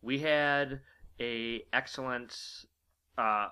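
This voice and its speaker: A man in relaxed conversation, his voice bright and forward. He talks haltingly, with many fillers and restarts, while he shares stories with his co-host. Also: medium pitch, clean tone. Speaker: podcast co-host. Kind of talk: casual chat.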